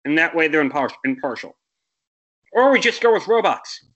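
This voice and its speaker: Young guy on a sports podcast, kinda high voice, rambles and rants, fixes his words as he goes. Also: lively intonation, normal speed, fairly bright tone, muffled recording. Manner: rambling, self-correcting, exasperated rants. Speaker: podcast co-host. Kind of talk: casual sports podcast chat.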